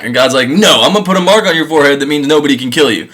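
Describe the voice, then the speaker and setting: A young man casually retelling a story with irreverent, profane humor, jumping into quick voices for each figure. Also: on the high side, animated, a bit bright, poor audio. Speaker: comedic storyteller.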